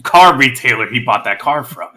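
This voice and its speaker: A man's voice: mid-range voice, lively intonation, moderate pace, sharp tone. A man chatting casually with friends and making wry, joking asides. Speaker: podcast co-host. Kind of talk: casual chat.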